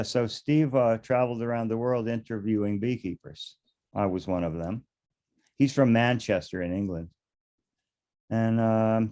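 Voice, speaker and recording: An older American man, a beekeeper appearing as an interview guest, tells stories casually in a lowish, mellow voice. He rambles, chuckles now and then, and frequently restarts his sentences.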